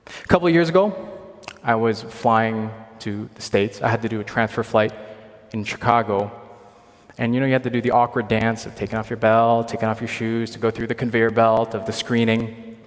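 A young man from Hong Kong preaching a sermon, earnest, asking rhetorical questions and moving between loud emphasis and quiet intensity. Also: lowish voice, steady tone, moderate pace. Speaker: pastor. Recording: long hall reverb.

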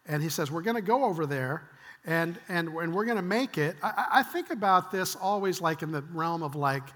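An older male pastor delivers a sermon in a high, bright voice. He talks conversationally and acts out quoted lines, sometimes dropping to a hushed whisper. The sound carries the long reverb of a church hall. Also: lively intonation, a little fast.

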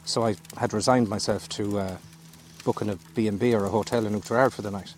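A man's voice: lowish voice, steady tone, fast, a little hiss or hum. A man, a fishing guide, telling a rambling, easygoing story. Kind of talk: casual storytelling.

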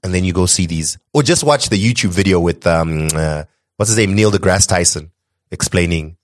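Man from Zimbabwe, low voice, eager rambling podcast co-host, dry close sound. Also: moderate pace, dry recording. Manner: enthusiastic, rambling with restarts. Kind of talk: casual podcast chat.

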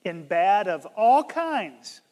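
A man preaching a sermon as pastor, emphatic and surging loud on key words, often stumbling and restarting his words. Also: sits high, big pitch swings, takes it slowly, in a large hall.

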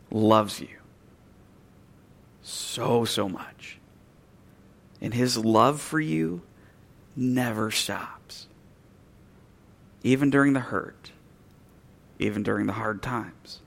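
A male pastor preaching a sermon in a church, earnest and emphatic, slowing and softening on key phrases. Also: medium pitch.

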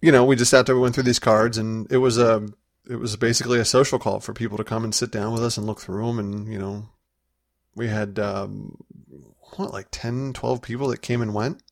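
A man's voice: mid-range voice, steady tone, a little fast, creaky, dry recording, studio quality. Rambling man in casual chat. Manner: rambling, with frequent restarts and laughs. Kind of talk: casual chat recounting a convention trip.

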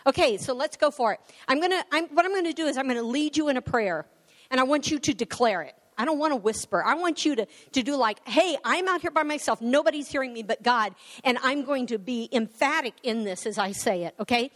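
High-voiced woman preaching in a reverberant hall. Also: lively intonation, a little fast, a bit bright. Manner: emphatic, conversational preaching. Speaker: pastor. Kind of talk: sermon with led prayer. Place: church sanctuary.

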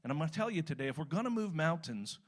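An older American man, a pastor, preaching a sermon in a conversational way that turns animated when he stresses a point. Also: on the high side, rapid-fire. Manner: conversational, rising to animated emphasis.

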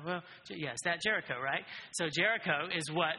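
A man preaching a casual, animated sermon who keeps checking in with his listeners by asking "right?". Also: fairly high pitch, a little fast. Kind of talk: conversational sermon. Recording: reverberant hall.

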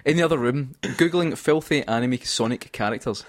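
A man reading a comic fan story aloud to a co-host, often breaking into laughter. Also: medium pitch. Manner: reads narration briskly, breaking into laughter.

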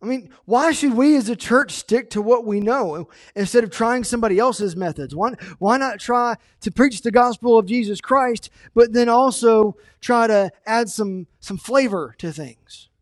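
A man preaching a sermon, animated, acting out the story's characters as he retells them. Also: very high voice, normal speed, few pauses. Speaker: pastor.

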